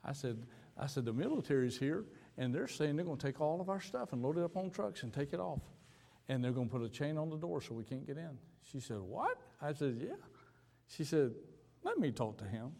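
A male pastor telling a story in a sermon, acting out both sides of a conversation with sudden leaps in pitch. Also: a little fast, vocal fry. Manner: animated storyteller, acting out dialogue with big pitch jumps. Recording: hall reverb.

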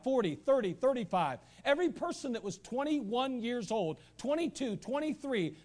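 A male pastor preaching a sermon in a church, animated, with asides and repeated phrases. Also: high-pitched. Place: church sanctuary.

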